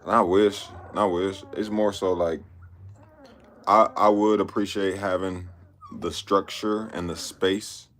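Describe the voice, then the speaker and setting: Deep-voiced laid-back man vlogging. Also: flat delivery, a little slow, fairly bright tone. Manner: laid-back, rambling, slangy, repeats himself. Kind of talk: casual chat.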